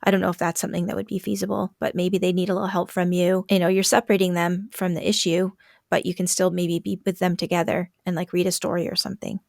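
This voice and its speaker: Gentle woman parenting coach, dry sound. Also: on the low side, little pitch movement, fast, vocal fry, dry recording. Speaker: parenting coach and podcast host. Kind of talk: coaching call.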